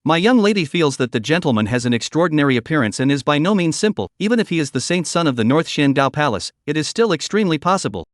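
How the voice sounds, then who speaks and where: A man voicing a young woman who flatters a stranger to win his favor. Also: a little high, fast, few pauses, no echo, clean studio sound. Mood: flattering. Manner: fawning, flattering.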